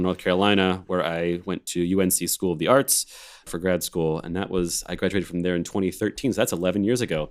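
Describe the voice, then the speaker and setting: Deep-voiced laid-back American man. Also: a little mellow, clean tone. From Alabama, USA. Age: 30s. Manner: laid-back, rambling, laughs often. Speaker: organist and film composer, co-host. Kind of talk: casual chat. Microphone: video call.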